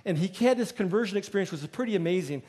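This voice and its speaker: A middle-aged man, a pastor, preaching a sermon with lively storytelling and acted-out quotes. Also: high-pitched, very fast. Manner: storytelling, acts out quoted voices.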